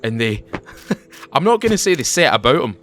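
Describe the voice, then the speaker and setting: Young male gamer, digressive and animated, noisy home mic. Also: medium pitch, normal speed. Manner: chatty, digressive, self-interrupting, animated. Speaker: gaming YouTuber. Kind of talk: rambling let's-play storytelling.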